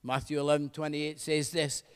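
High-voiced preaching man, fervent. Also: flat delivery, moderate pace, smooth, big-room sound. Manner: fervent, repeats hallelujah. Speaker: pastor. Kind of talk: sermon.

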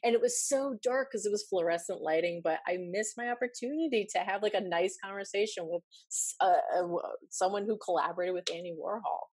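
A woman guest on a podcast, telling stories in a lively way and laughing as she goes. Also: mid-range voice, a little fast, few pauses, husky, dry recording. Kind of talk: casual storytelling.

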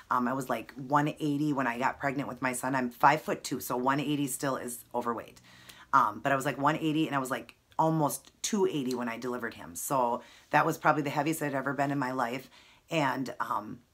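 A woman's voice: a bass voice, a bit bright, husky. A woman in her thirties talking earnestly to her camera at home, emotional and full of fillers. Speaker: vlogger. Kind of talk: personal talk to camera.

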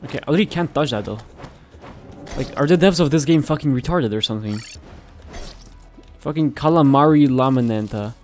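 A young man giving casual gameplay commentary, swearing constantly and reacting loudly to what happens on screen. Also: mid-range voice, brisk, long pauses, soft background music.

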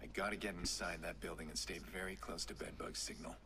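A man's voice: low voice, fairly even intonation, quick pace, sharp tone. An actor playing a terse male vigilante hacker in a video game, speaking in clipped, focused mission lines.

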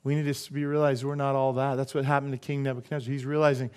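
A man's voice: medium pitch, little pitch movement, rapid-fire, darkish tone, clear, resonant tone. A middle-aged man preaching a sermon as pastor, emphatic and full of rhetorical questions to the congregation.

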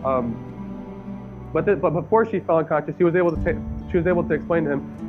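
A man's voice: a little high, brisk. A young man in his twenties preaching a sermon, telling a story earnestly, often restarting his sentences. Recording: tinny phone-like audio, faint guitar music.

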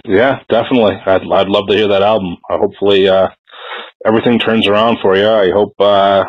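Hesitant low-voiced interviewer, lo-fi. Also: male voice, fairly even intonation, brisk, dry recording. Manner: hesitant and sympathetic, full of fillers. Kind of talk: phone interview. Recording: dull lo-fi dry sound.

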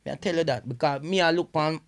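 A man with a Jamaican accent, a guest comedian telling animated stories in patois on a casual podcast, with many restarts. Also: a little high, quick pace.

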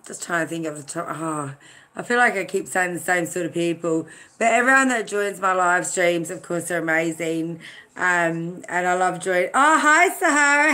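A woman from Australia chats on a live stream in a bright voice with a clear edge. She rambles easily, fills gaps with hesitations and greets her viewers one by one by name. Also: medium pitch. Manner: chatty, greets viewers by name, many fillers. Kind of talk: casual live-stream chat.

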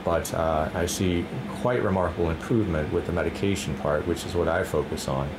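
A man with a very deep voice speaks as a doctor, measured and professional. A clear hum of room noise and air conditioning sits behind him. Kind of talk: interview.

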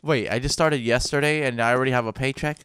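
A man giving profane, excitable commentary on a game he is playing, often breaking into loud laughter. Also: mid-range voice, fast talker, slight background noise. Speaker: gaming video host. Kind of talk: let's play commentary. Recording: game sounds clearly behind the voice.

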